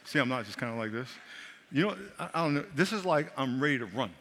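A middle-aged male pastor preaching a sermon, animated and repetitive, often checking that his congregation is following along. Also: mid-range voice, fast. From New York. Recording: long reverb of a large hall.

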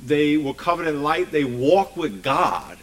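A man's voice: on the high side, big pitch swings, unhurried, low-quality recording. A man preaching a sermon emphatically, often asking the congregation rhetorical questions.

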